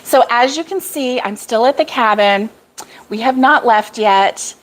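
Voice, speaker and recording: A woman's voice: fairly high pitch, measured pace, poor audio. A middle-aged woman hosting a casual live stream from a cabin, chatty, laughing often and reading viewer comments aloud. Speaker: crochet vlog host. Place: cabin in the woods.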